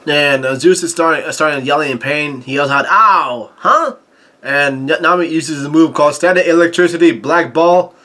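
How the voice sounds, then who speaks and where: A man casually recapping a comic chapter as a channel host, halting often with fillers and tossing in crude asides. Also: a little high, steady tone, fairly bright tone.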